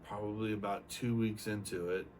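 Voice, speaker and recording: A man's voice: lowish voice, normal speed. An older man, a retired Navy aircrewman, telling his story in a casual, rambling way and acting out quotes. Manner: rambling, animated retelling with acted-out quotes. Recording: distant mic with faint room noise.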